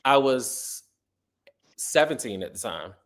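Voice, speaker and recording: A middle-aged man telling stories in a casual interview, animated and sassy, acting out quotes. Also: medium pitch, slow pace. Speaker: guest.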